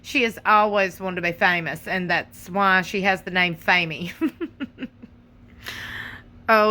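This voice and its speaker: Sassy woman with a bright voice. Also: medium pitch. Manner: sassy, animated, talks straight to viewers. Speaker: commentary channel host. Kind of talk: casual reaction commentary.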